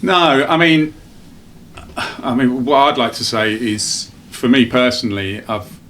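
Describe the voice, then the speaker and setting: A man's voice: medium pitch, lively intonation, measured pace, a bit bright, a little hiss or hum. A man with an English accent, co-hosting a radio show and reminiscing thoughtfully and self-deprecatingly. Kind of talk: casual reminiscing chat.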